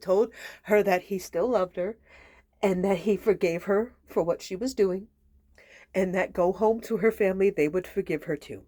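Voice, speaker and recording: A woman tells a story in a somewhat low voice, chatty and sassy, talking straight to her viewers. The sound is dry and close, with no room echo. Now and then she drops into a soft near-whisper. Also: unhurried. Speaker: tarot reader and channel host. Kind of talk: casual spoken storytelling.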